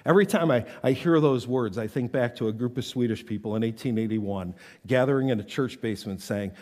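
A man's voice: mid-range voice, a little fast, darkish tone, big-room sound. A man preaching a sermon, reading scripture aloud with dramatic intensity. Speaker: pastor.

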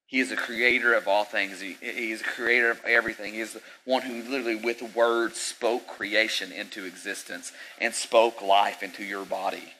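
A man's voice: fairly low pitch, flat delivery, normal speed, few pauses, bright, forceful tone, a little hiss or hum, rough recording. A male pastor preaching a sermon in an emphatic, repetitive style with conversational asides.

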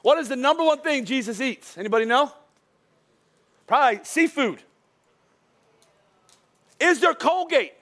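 High-voiced pastor with a tiring voice. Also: male voice, animated. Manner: joking, storytelling delivery that drops soft and slow for serious points. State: voice wearing out from a long day of preaching. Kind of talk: sermon.

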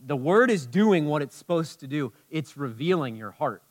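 A man preaching a sermon as a pastor, impassioned, moving between loud emphasis and hushed tenderness. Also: a little high, big pitch swings, normal speed.

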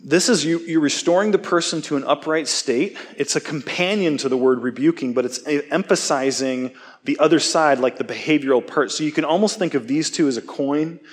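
A man's voice: a little high, fairly quick, few pauses. Man preaching a casual, chatty sermon. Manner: casual, self-deprecating, asks "okay?" often. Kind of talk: conversational sermon.

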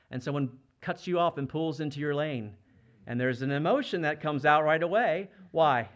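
A man's voice: a little high, moderate pace, dull audio. A man preaching a sermon as a pastor, speaking conversationally and asking the congregation rhetorical questions. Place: church.

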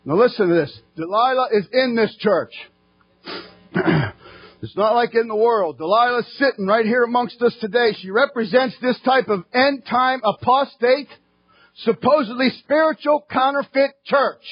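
A man preaching a fervent sermon in church, his voice rising to shouting at its peaks. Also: very high-pitched, normal speed, slightly rough, no echo, lo-fi sound, faint music behind.

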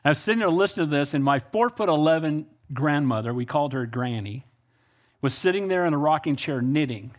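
A man's voice: fairly high pitch, animated, brisk. A male pastor preaching an emphatic sermon, telling stories and calling out to the congregation for amens. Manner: emphatic, calls for amens, storytelling.

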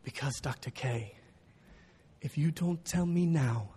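A man's voice: a little high, a little slow, warm tone, slight background noise, lightly acted. A man voicing a young Ugandan student with a Ugandan accent, insistently pleading with his teacher. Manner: pleading, urgent.

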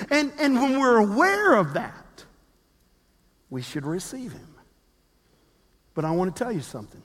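A pastor in his fifties preaching a sermon with animated storytelling, acting out the quotes he tells. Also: extremely high pitch, measured pace, pauses often, big-room sound.

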